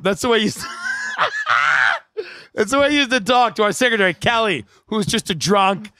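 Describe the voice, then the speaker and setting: A man telling a comedic story, animated and profane, acting out the people in it with bursts of shouting. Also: high-pitched, normal speed, pauses often, no echo.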